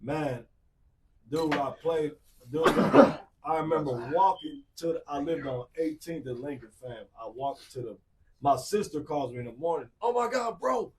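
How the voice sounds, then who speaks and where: A man's voice: a little high, unhurried, far from the mic, a little hiss or hum. A man in his forties, an R&B singer telling stories in casual talk, acting out the people in them. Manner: animated, acts out voices of people in his stories. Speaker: R&B singer, podcast guest. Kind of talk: casual storytelling.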